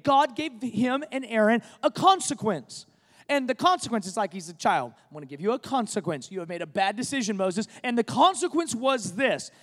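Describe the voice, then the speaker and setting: A man with a very high voice preaches a sermon. His delivery is conversational but rises to emphatic peaks. The sound carries a long reverb tail, as in a big hall. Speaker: pastor.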